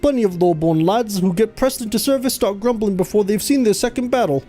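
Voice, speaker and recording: A streamer voicing a blunt, low-born male soldier in a video game, in a rough, put-on working-class accent. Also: a little fast, dark tone, soft background music, natural voice. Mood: gruff.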